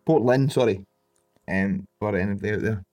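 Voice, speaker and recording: A man's voice: on the low side, moderate pace, darkish tone. A man in his thirties, co-hosting a podcast and telling jokey stories in casual chat over faint music. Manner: jokey storytelling, laughs at own puns. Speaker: podcast co-host.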